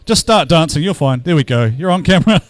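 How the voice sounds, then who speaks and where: A man's voice: fairly high pitch, lively intonation, quick pace, no echo. A man commentating live at an outdoor drift event, bantering and teasing the crowd between battles.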